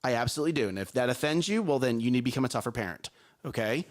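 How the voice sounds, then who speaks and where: A man's voice: medium pitch, rapid-fire. A man in his thirties co-hosting a morning talk show, telling parenting stories emphatically and often checking in with "okay?". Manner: emphatic, animated storytelling with frequent "okay?". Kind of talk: casual talk show chat.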